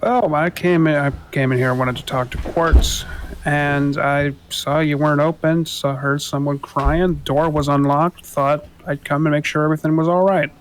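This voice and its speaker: A man voicing a gentle, calm knight. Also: fairly high pitch, a little hiss or hum, natural voice. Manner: slow, gentle, steady. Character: kindly armored knight Chivalry, calm and gentle.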